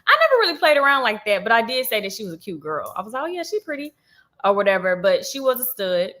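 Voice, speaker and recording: A woman's voice: mid-range voice, fast. A young woman telling a story in a casual, chatty vlog and acting out the people she quotes. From Georgia, US. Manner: chatty, animated, acts out quoted voices. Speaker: vlogger.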